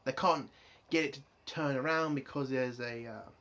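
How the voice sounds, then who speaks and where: A man's voice: medium pitch, normal speed, a bit bright. A man giving an exasperated, sarcastic and heavily sweary rant while reviewing a TV episode. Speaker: TV show reviewer.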